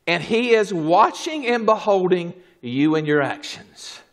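A man preaching a fervent sermon, swinging from low murmurs to shouted exclamations. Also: lively intonation, measured pace.

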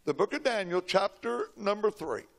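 A man's voice: sits high, sing-song, normal speed. An older man, preaching a sermon and telling a personal story in a folksy, dramatic way. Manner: folksy, dramatic storytelling, shouting quoted lines.

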